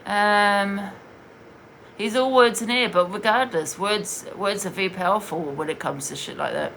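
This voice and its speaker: A woman's voice: medium pitch, measured pace, a bit bright, slight background noise. Blunt rambling woman streamer. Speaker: livestream host. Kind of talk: casual livestream chat.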